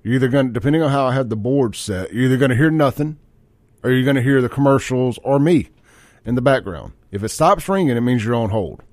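Fired-up talk radio host. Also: male voice, medium pitch, lively intonation, quick pace, a little mellow, no room sound. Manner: blunt, fired-up, folksy.

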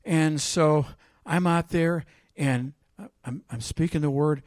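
A man delivers a sermon in a somewhat high voice, recorded close and dry with almost no room sound. He reads scripture loudly and emphatically, then drops into a quiet, conversational tone to tell a story from his own ministry. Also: slow, dry recording. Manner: animated, swings between loud emphatic reading and quiet storytelling. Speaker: preacher.

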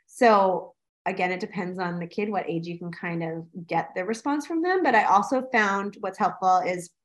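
A pregnant woman co-hosting a casual parenting chat, chatty and quick to laugh. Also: on the low side. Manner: chatty, laughs often, adds disclaimers.

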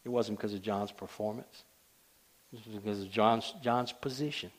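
A man preaching a sermon, driving points home and then dropping to a hush. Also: lowish voice, steady tone, moderate pace. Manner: emphatic, swings between loud declarations and hushed asides.

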